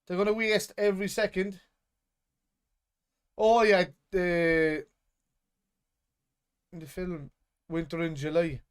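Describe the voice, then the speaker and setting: Excitable swearing man reacting to football. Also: high-pitched, a little slow, pauses often, clear, resonant tone. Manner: excitable, swearing outbursts at the match. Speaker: streamer watching a football match live. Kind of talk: live watch-along reactions.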